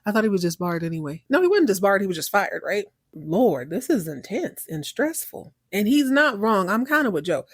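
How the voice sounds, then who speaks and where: A woman hosting a podcast, recapping a TV series in a casual, opinionated way. She acts out the characters' lines and reacts out loud. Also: mid-range voice, sing-song, normal speed, few pauses, slightly rough, dry recording, studio quality. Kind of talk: casual chat.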